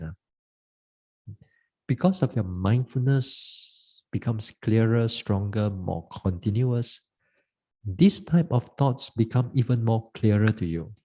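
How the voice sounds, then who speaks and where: A Buddhist monk giving a dharma talk on meditation, halting and repeating words as he goes. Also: fairly low pitch, warm tone.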